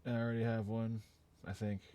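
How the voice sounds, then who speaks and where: A man's voice: fairly low pitch, flat delivery, brisk, warm tone. A man streaming live, reading panels aloud and reacting in loose, profane, casual commentary.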